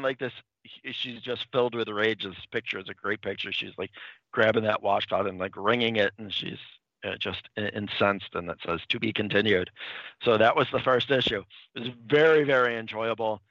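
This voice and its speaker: Guy rambling about comics, lots of ums, lowish bright voice, dull dry sound. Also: steady tone, moderate pace, no room sound. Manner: rambling, many fillers and restarts. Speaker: comics podcast co-host. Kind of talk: casual chat, retelling a comic's plot.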